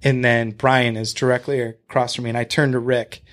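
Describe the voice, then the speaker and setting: A man's voice: mid-range voice, level tone, normal speed. A man guest on a podcast, telling a story in casual chat, blunt and profane. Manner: blunt and profane, retelling a confrontation; talks to the host with fillers and restarts.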